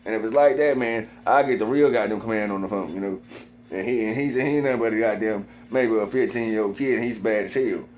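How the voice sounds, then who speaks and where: A man's voice: lowish voice, quick pace. Rambling, profane man talking to camera. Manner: profane, rambling, repetitive, swears constantly; gets heated and loud at times.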